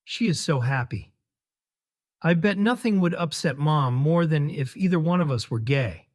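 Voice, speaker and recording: A man's voice: on the high side, animated, normal speed. A man narrating his own memoir audiobook in a wry, sardonic storytelling manner.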